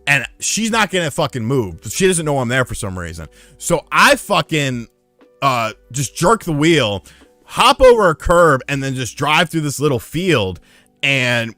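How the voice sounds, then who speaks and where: A man's voice: mid-range voice, no room sound. A man streaming live, telling rambling, profane stories in casual chat. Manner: profane, rambling, animated storyteller. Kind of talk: casual storytelling on a livestream.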